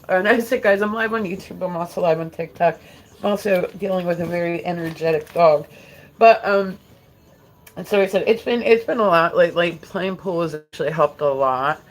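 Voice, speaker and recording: A woman's voice: mid-range voice, normal speed, rough recording. Chatty woman livestreaming from home. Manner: chatty and frank, swears freely, talks to chat. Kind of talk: casual livestream chat.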